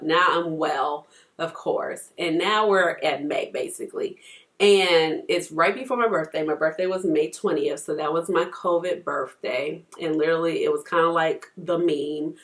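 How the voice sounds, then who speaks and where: A woman's voice: low voice, moderate pace. A woman in her thirties chatting and rambling through stories while doing her makeup at home for a beauty vlog. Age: 30s. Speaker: beauty vlogger.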